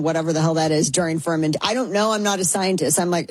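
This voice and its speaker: A woman's voice: on the low side, a little fast, a little mellow, husky, no echo, poor audio. A woman hosting a talk show in a chatty, sarcastic way, often slipping into mocking voices. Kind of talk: casual commentary.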